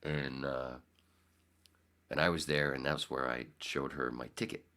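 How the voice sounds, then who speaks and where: A man in his fifties with an extremely low, bright, forceful voice hosts a podcast, speaking unhurriedly with fairly even intonation. In casual storytelling mode, he rambles through a long tale, correcting himself, starting over, and acting out quotes.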